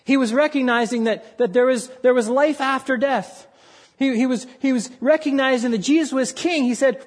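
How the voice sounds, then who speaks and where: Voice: high voice, normal speed. A preacher giving a sermon to a congregation, speaking earnestly and with emphasis.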